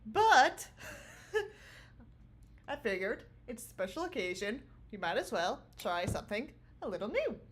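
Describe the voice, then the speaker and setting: Giggly woman streamer, slow and lively. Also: a little high, a little hiss or hum. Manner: giggly, rambling, drawn-out. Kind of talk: casual livestream chat. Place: small home room.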